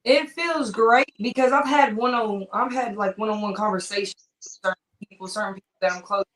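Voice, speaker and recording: A woman from Kentucky, a guest answering interview questions in quick bursts. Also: mid-range voice, a bit bright. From Kentucky, USA. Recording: echoey room over a video call.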